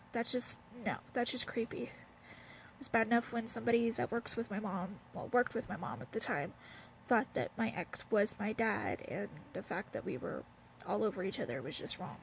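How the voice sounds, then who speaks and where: A young Southern US woman vlogs from home wrapped in a blanket, bluntly venting to camera in a candid, casual rant full of fillers. Her voice is fairly high and gravelly, and the low-quality recording has a little hiss or hum.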